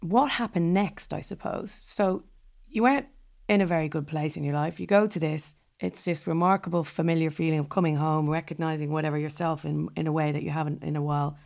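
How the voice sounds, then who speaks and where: Give me a podcast host with a gravelly, fry-tinged voice, interviewing a guest. The host offers encouraging prompts and short affirmations. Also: medium pitch, brisk, a little mellow.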